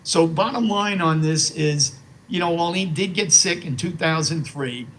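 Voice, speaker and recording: An elderly man in his eighties, interviewed as a guest, tells heartfelt, rambling stories and keeps repeating "you know." His voice is on the high side, fairly bright and unhurried. The recording is rough, with a little hiss or hum.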